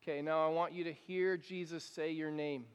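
A man, a pastor, leading a congregation in a slow, repetitive guided prayer during a sermon. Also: on the high side, steady tone, smooth. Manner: guided prayer, soft and slow, repeating phrases. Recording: long reverb of a church hall.

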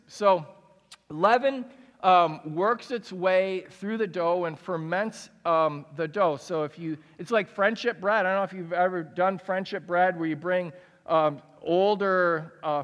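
High-voiced man preaching in a reverberant hall. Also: fairly bright tone. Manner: conversational, asks the audience questions. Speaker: pastor. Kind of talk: sermon.

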